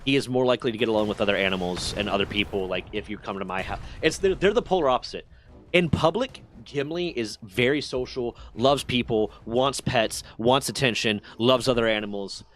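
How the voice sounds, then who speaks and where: A man hosting a livestream, telling stories to his chat in a profane, animated way. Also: mid-range voice, a little fast, a little hiss or hum. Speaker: livestream host. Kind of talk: casual storytelling to a stream chat.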